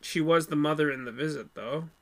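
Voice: mid-range voice, a little fast. A podcast co-host who talks bluntly, swears casually and often repeats words when starting a thought, in a casual movie review chat.

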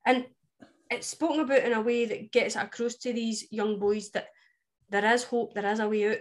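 A woman's voice: on the high side, fairly even intonation, moderate pace. A woman with a West Coast Scottish accent, co-hosting a podcast in casual chat, emphatic and blunt, swearing freely. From West Coast of Scotland. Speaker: podcast co-host.

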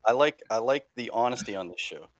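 Brief: relaxed man hosting a chat show, mid pitch, dry. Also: fairly quick, no echo, highs cut off. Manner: laid-back, candid, repeats himself. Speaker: podcast host. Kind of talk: casual chat.

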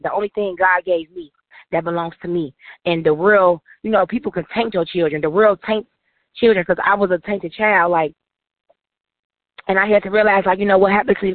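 An author and interview guest recounts her life in emotional, run-on testimony heavy with "like"s. Her voice is mid-range, with no room sound, though the line itself is tinny and phone-like.

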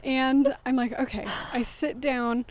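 A woman with a high voice tells a story in a casual chat. She is animated and dramatic and breaks into laughter often. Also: a little slow.

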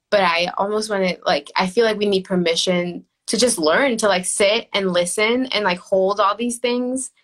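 A woman's voice: mid-range voice, a bit bright. A woman co-hosting a casual faith podcast, talking reflectively with many fillers. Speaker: podcast co-host.

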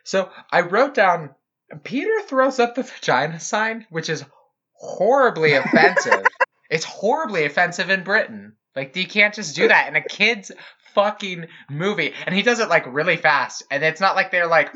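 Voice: mid-range voice, expressive, moderate pace, bright, forceful tone, dull audio. A podcast co-host in casual movie-review banter who laughs a lot and swears for emphasis.

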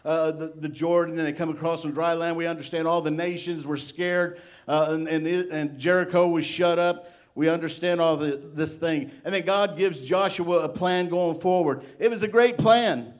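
A middle-aged male pastor giving a sermon, animated and playful, acting out little voices as he preaches. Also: a little high, normal speed.

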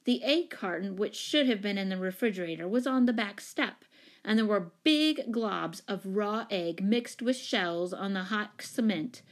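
Woman, audiobook narrator, calm, even children's story reading. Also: medium pitch, a little slow.

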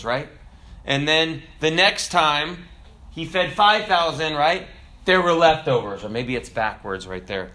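A male pastor preaching a sermon in a conversational way, with joking asides, who builds to emphatic preaching. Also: pushed and bright. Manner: rises to emphatic, higher-pitched preaching.

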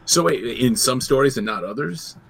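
A man's voice: medium pitch, lively intonation, normal speed, creaky, fairly bright tone, husky, no room sound. A man in a casual podcast chat who cuts in with skeptical questions.

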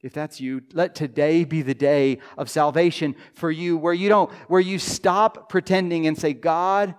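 A man preaching a sermon to his congregation, earnest, dropping to a soft hush when he voices quoted prayers. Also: a little high, fairly even intonation, measured pace, few pauses, clean tone. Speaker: pastor.

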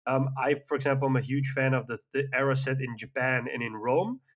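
A man with a mid-range voice chats casually as a podcast co-host. He rambles with enthusiasm and drops frequent fillers as he goes. His voice sits at an ordinary pitch. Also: a little fast. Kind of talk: casual chat.

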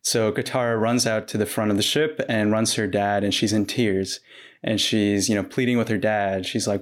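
A man with a somewhat low voice co-hosts a casual podcast. He recaps each scene step by step in a relaxed, unhurried way, with plenty of easy fillers. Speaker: podcast co-host recapping episodes.

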